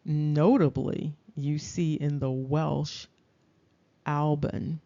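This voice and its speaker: A woman giving a deliberate lecture over slides, pausing to check in with her listeners. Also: sits low, level tone, gravelly, mellow. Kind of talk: slow explanatory lecture. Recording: dull lo-fi recording.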